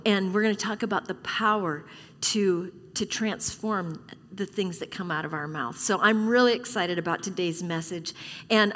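A woman's voice: medium pitch, fairly bright tone. Middle-aged lady pastor preaching, chatty and honest, big echoey church sound. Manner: conversational and candid, with frequent restarts. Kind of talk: sermon. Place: church sanctuary. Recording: long reverb of a church hall.

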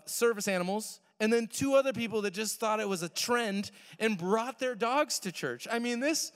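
A young man telling a personal story in a sermon, animated, swinging from loud to hushed. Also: sits high, moderate pace, few pauses, clear, resonant tone. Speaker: worship pastor. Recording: long hall reverb.

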